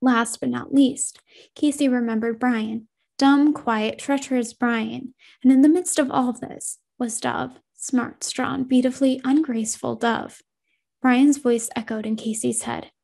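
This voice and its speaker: A woman narrating a scripted horror story in a measured, suspenseful way, whispering some of the sound effects herself. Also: a little high, fairly even intonation, vocal fry, darkish tone.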